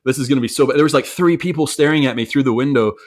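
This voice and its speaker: This man's mid-range voice races along while he tells, in conversational style, a story about his own error. He is frank and self-reflective, frequently starting over and repeating words.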